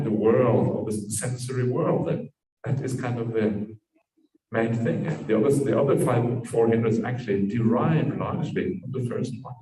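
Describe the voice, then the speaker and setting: A man's voice: mid-range voice, dark tone. A man, a Buddhist monk, gives a dharma talk at a meditation retreat, telling a parable and tagging sentences with "yeah". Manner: storytelling with frequent tag "yeah"s. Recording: distant mic in an echoey room.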